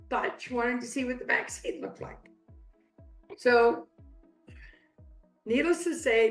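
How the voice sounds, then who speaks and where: A woman author telling a lively personal story and acting out the voices of the people in it. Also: mid-range voice, echoey room, rough recording. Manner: animated, acts out quoted voices. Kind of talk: anecdotal storytelling.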